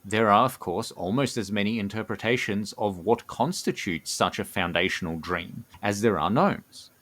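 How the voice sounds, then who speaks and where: A man co-hosting a podcast, reading his written fantasy lore aloud, who is enthusiastic and given to excited outbursts. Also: normal speed. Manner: enthusiastic, bursts into excited high exclamations. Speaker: podcast co-host.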